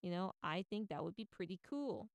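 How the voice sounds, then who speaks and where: A woman's voice: mid-range voice, animated, a little fast, no echo. A woman giving a casual, opinionated and rambling monologue as a pop culture commentator.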